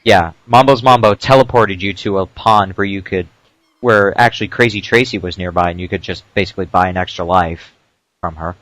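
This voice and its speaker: Low-voiced man giving dry game commentary. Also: a bit bright, no room sound. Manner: explains game tips with dry jokes and "uh" pauses. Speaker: let's play commentator. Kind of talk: casual gameplay commentary.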